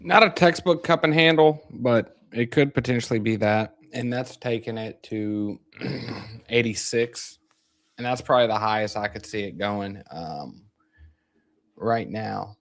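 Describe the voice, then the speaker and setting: A man's voice: on the low side, unhurried. A man hosting a casual livestream on markets, hedging and repeating his phrases. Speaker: livestream host.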